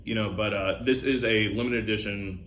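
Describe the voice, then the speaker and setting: Low-voiced man explaining beers. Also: a little fast, echoey room, a little hiss or hum. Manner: relaxed, filler-heavy explaining. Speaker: beer brand representative. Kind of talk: casual radio guest chat.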